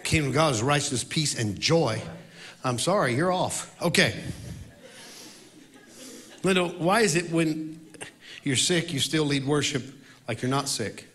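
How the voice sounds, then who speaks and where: A man who is a worship leader, telling a story in a sermon and swinging between loud outbursts and quiet reflection. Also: on the high side, expressive, unhurried, pauses often.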